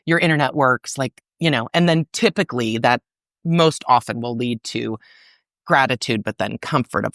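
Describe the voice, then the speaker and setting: A middle-aged woman talking as a podcast guest about her arts organization, in a chatty, animated way full of fillers. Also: rumbling low, normal speed, no echo, studio quality. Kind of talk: casual interview conversation.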